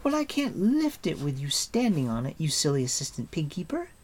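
A man putting on a high, teasing young girl. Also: wildly swooping pitch, slightly rough, heavily acted. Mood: impatient. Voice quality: high, bright, scolding. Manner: quick, teasing and impatient. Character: chatty, mischievous young girl with a magic bauble. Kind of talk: audiobook character voice.

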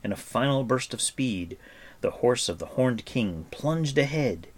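A man narrating a storybook with a steady, expressive reading. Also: mid-range voice, unhurried.

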